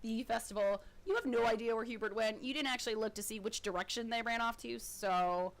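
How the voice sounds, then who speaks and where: A woman's voice: on the high side, a little fast. Woman game master narrating casually. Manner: rambling, filler-heavy, giggly.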